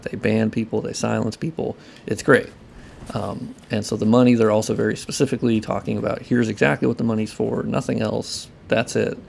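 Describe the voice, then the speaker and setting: A man's voice: fairly low pitch, gravelly, darkish tone, slight background noise. A man talking casually and heatedly to camera as a game modder, ranting loosely and swearing. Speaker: modder and video creator. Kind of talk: casual talking-head commentary.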